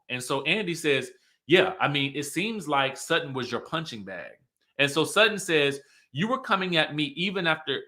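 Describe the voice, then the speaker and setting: A man giving a sassy, animated recap of a reality show reunion, acting out the cast's lines as he goes. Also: fairly high pitch. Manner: sassy, animated, quoting in mock voices. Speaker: pop culture commentator. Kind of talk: casual recap commentary.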